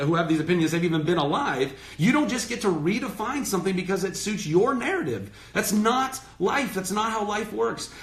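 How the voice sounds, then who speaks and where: Impassioned man ranting with a lively voice. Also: high voice, echoey room. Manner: passionate, emphatic, swears freely. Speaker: host of his own livestream Q&A. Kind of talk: heated off-the-cuff rant to followers. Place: indoors, talking to a phone livestream. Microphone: phone.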